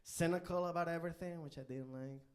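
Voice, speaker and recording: A man doing a live stand-up comedy set on a club stage, animated and bursting into loud character voices. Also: a little high, fast.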